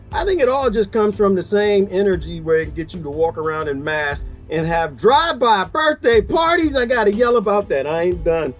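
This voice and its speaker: A man delivering an exasperated comedic rant to camera, laughing often as he goes. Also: on the high side. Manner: animated, exasperated ranting with frequent laughter. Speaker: vlogger.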